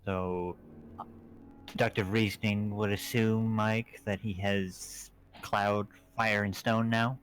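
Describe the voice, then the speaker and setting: A male player at a tabletop game with a lowish voice and a slow delivery. He stops and restarts his sentences as he works through the plan out loud. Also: level tone. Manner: halting, with restarts. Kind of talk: casual tabletop game talk.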